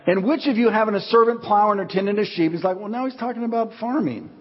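A man preaching a sermon as pastor, telling stories with lively acted-out quotes. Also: sits high, fast talker. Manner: animated storytelling, acts out quotes. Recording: dull audio with long hall reverb.

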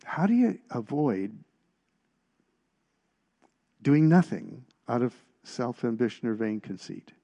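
A man preaching in a relaxed, conversational way, his voice gravelly with fry. He leans on emphasis and keeps asking the listeners questions. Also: medium pitch, slow pace, long pauses. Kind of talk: sermon.

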